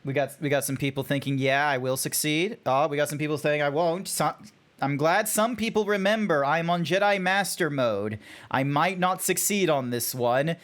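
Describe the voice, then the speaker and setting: A young Australian man giving chatty, animated commentary on a game while he talks to his stream chat. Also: fairly high pitch, moderate pace. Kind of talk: casual gameplay commentary.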